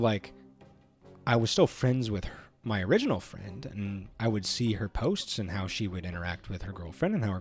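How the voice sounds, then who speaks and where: Rambling low-voiced male streamer. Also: darkish tone. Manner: rambling, filler-heavy storytelling, many likes. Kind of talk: casual chat while playing a game.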